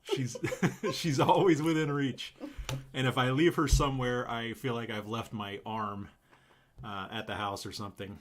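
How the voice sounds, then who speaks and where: A man's voice: mid-range voice, moderate pace, a little hiss or hum. Chatty male live-stream host. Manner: relaxed, chatty, laughs often. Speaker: channel host. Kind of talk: casual live-stream chat.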